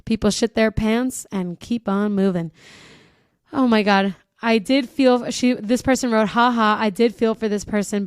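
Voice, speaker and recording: A woman's voice: medium pitch, clean tone, no echo, clean studio sound. A woman hosting a podcast, reading listener stories aloud in a casual, chatty way, often laughing and breaking off to react. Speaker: podcast host.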